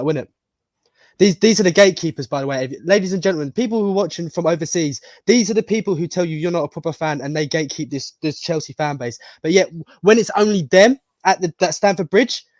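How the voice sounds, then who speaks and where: A man's voice: a little high, no room sound. A man joining a football fan show as a guest, ranting bluntly and fuming. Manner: fuming, blunt, keeps saying "bro". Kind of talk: angry post-match reaction rant.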